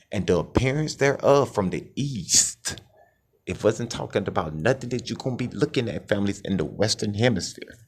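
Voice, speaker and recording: A low-voiced preacher with swooping pitch. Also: male voice, slightly rough. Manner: calls out "families", asks call-and-response questions. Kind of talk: scripture reading and preaching.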